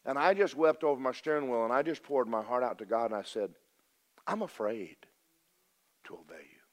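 An older man, preaching a folksy, storytelling sermon that swings from loud declarations to hushed confessions. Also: medium pitch, fast.

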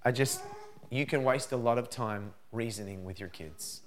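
Acting out parent and child lines with animation, a man presents a parenting seminar to a live crowd. His voice is medium in pitch at a moderate pace, with a little hiss or hum on the recording.

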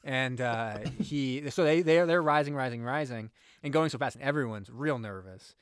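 A man's voice: medium pitch, moderate pace, clear, resonant tone, dry recording. Chatty man recapping a movie with jokes. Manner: jokey, acts out characters' lines with mock voices. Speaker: podcast co-host. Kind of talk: casual movie recap chat.

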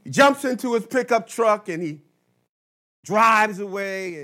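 A male pastor preaching a sermon, telling a story slowly and dramatically, swinging between loud and soft. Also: high voice. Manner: slow dramatic storytelling with big swings in loudness.

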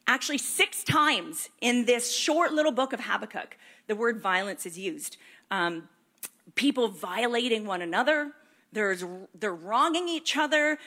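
A woman with a fairly high, sharp-toned voice preaches a sermon in a casual yet earnest way. She reads scripture aloud and talks it through, using many fillers.

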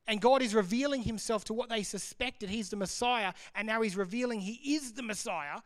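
A man preaching a sermon in an animated, conversational, jokey way. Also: high-pitched, brisk. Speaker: pastor. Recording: long hall reverb.

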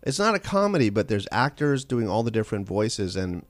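A man being interviewed as an author on a call-in radio show, telling stories in a quick, animated way with frequent restarts. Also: on the low side, no room sound. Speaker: author guest.

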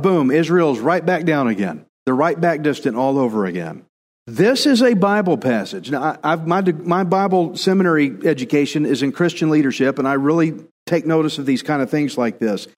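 A man's voice: a little high, a little mellow, big-room sound. A male pastor preaching a conversational sermon, now and then acting out quoted voices.

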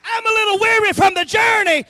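High-voiced preacher man, animated delivery. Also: fairly quick, no echo, raised voice. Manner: animated preaching with call-and-response asides. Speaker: pastor. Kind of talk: sermon. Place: church sanctuary.

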